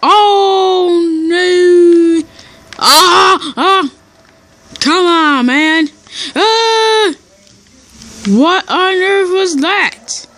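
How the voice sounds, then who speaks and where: A woman giving casual let's-play commentary over a game, excitable and shouting and cheering as she plays. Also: very high voice, very slow, pauses often, dry recording. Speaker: gameplay commentator. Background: game music.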